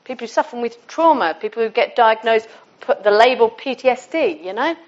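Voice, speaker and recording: Speaking fairly quickly in an animated voice on the high side, a middle-aged church speaker delivers a relaxed, conversational sermon. Her manner is warm, with occasional restarts, captured on a dull, lo-fi recording.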